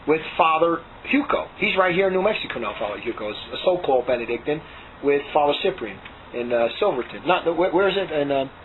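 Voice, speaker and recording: A man's voice: on the high side, expressive, fast talker. A man telling a long story from his past in a casual, rambling and emphatic way, doing voices for the people he quotes. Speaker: interviewee recounting past. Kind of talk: casual spoken testimony. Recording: tinny phone-like audio with faint hiss.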